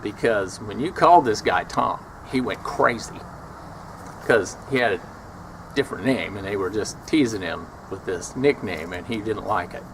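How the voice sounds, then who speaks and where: A man's voice: lowish voice, animated, normal speed, a little hiss or hum. A man telling a story from his years as a prison officer, wry and scornful, acting out the people he quotes. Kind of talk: casual storytelling.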